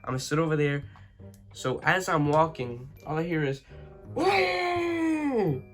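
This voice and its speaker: A man's voice: fairly high pitch, steady tone, a little fast, faint music behind. A young man telling a school story in a casual, rambling, profane way, full of "you know what I'm saying.". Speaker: vlogger.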